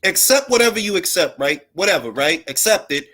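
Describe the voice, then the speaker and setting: A man's voice: sits high, expressive, fairly quick, pushed and bright. Brash trash-talking male stream host. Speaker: boxing talk show host. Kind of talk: casual live-stream chat.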